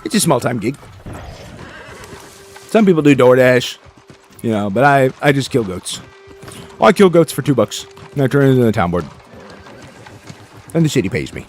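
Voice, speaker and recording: A man narrates his gameplay in a loose, jokey way, chatting to himself and even to the game as he goes. His pitch leaps all over, from deep mutters to high excited bursts. Faint game music plays softly behind him. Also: moderate pace, long pauses. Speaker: gameplay streamer. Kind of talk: casual gaming commentary.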